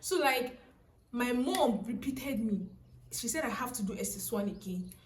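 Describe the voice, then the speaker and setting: A young woman in her twenties with a Nigerian accent, telling a personal story casually to camera in a chatty, animated way. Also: a little high, normal speed, roomy sound, distant mic. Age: young adult. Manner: chatty, animated, laughing, frequent "so, like". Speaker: vlogger.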